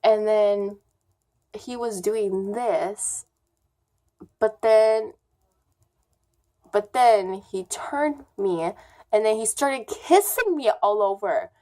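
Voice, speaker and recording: A woman's voice: mid-range voice, very slow, pauses often, dark tone. A young woman vlogger telling a story time in a casual, rambling way, full of fillers.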